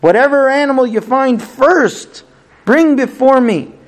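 A man's voice: extremely high pitch, a little slow, pitched above the performer's own voice. A man playing a grief-stricken old father who laments and cries out in a storybook retelling. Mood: bitter, demanding. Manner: lamenting, crying out.

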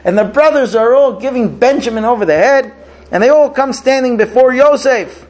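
A man casually retelling a scripture story as a teacher, animated, with fillers. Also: very high voice, normal speed.

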